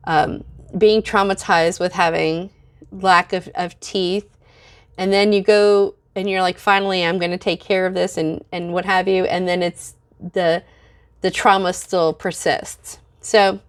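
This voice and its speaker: Middle-aged woman vlogger, mid pitch, candid and venting, casual delivery. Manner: candid, venting, frequent fillers. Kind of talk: casual vlog.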